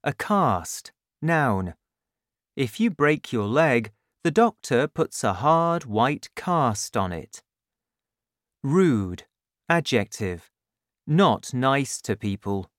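Slow, deliberate male storybook reader. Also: mid-range voice, sing-song, dry recording, clean studio sound. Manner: careful, deliberate reading. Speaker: narrator of a graded reader. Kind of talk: slow, clear storybook narration with vocabulary list.

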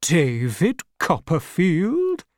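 A woman's voice: on the low side, huge pitch swings, extremely slow, a little mellow, no echo, studio quality, voice pushed up, full character voice. A woman doing a vague, grey-haired old man. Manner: hesitant, absent-minded.

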